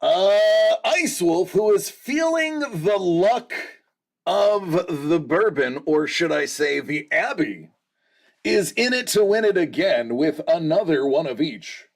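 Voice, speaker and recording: A man hosting a collectibles live stream in casual chat, exclamatory and quick to laugh. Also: high voice, gravelly. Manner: animated and exclamatory, laughs often.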